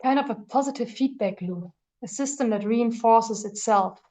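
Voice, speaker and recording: A woman's voice: fairly high pitch, moderate pace, dark tone. A woman hosting an interview, asking thoughtful, tentative questions in a conversational way. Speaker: interviewer host.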